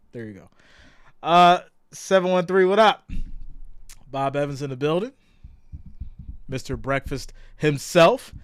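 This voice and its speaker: A man hosting a casual sports live stream, loud and excitable, greeting chat viewers by name and swinging between shouted hype and low asides. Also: smooth, no room sound. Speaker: sports livestream host.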